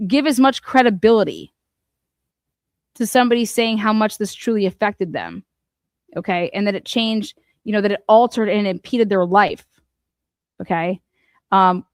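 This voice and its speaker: A commentary host with a mid-range voice gives angry, profane commentary on a court case, aiming rhetorical questions straight at the people she discusses. The studio-quality recording has no echo.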